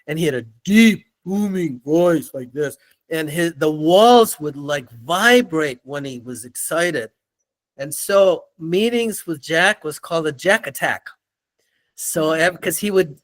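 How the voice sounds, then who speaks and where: An older man, a guest in an interview, telling animated stories and acting out the people in them. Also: a little high. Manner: animated storyteller, acts out quoted voices. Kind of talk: storytelling in an interview.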